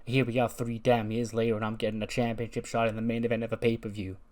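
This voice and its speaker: A man's voice: mid-range voice, flat delivery, fast, darkish tone, close to an everyday voice. A man voicing a determined female wrestling challenger who delivers a heated, earnest promo. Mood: defiant.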